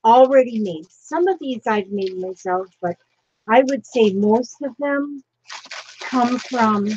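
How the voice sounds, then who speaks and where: A woman's voice: a little high, takes it slowly, a little mellow, husky, highs cut off. A woman chatting through a casual craft tutorial, emotional and overwhelmed, with frequent breathless exclamations. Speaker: crafting vlogger.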